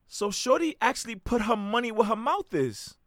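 Animated young man podcasting, higher voice. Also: no room sound, clean studio sound. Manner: animated, conversational, frequent restarts and slang. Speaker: podcast host. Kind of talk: casual opinion podcast.

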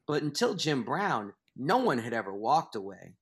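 A man in a conversational interview, explaining his views at length with emphatic, animated delivery. His voice sits in a middle register, and he often stops and restarts a thought as he builds toward his point. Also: medium pitch, moderate pace, breathy edge. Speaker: author and guest.

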